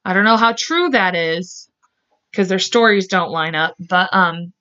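A woman's voice: lowish voice, a little slow, bright, forceful tone. A woman hosting a podcast, casually recounting a true-crime case, rambling and correcting herself, swearing freely. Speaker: podcast host. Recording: dull lo-fi podcast audio.

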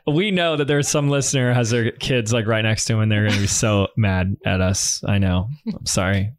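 A man hosting a business podcast in an energetic, quick, casual way. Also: on the low side. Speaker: podcast host. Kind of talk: casual chat.

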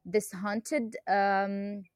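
A young woman co-hosting a casual book podcast, unhurried and hesitant, with many ums. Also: mid-range voice, fairly even intonation, clear, resonant tone, dry recording, clean studio sound. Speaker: podcast co-host.

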